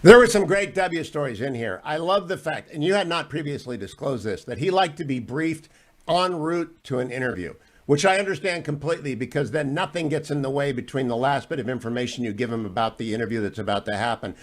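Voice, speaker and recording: A man's voice: medium pitch, lively intonation, brisk. A man hosting a radio talk show, interviewing a guest in an enthusiastic, praising way.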